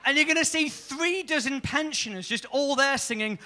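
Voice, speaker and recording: A man on a comedy club stage, telling crude jokes and landing his punchlines deadpan. His voice is very high and bright. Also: brisk, few pauses. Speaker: stand-up comedian. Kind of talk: stand-up set.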